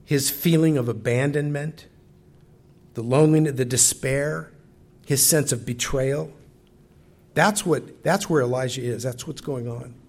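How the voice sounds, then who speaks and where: A man's voice: medium pitch, darkish tone. A male preacher giving a sermon in a reflective manner, often asking his listeners questions directly. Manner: reflective, talks directly to the congregation.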